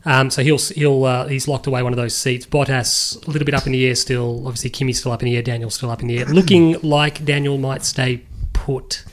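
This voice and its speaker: Fast-talking man talking sport. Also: mid-range voice, steady tone. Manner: quick, confident motorsport rundown with frequent ums. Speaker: podcast co-host. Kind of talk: casual sports chat.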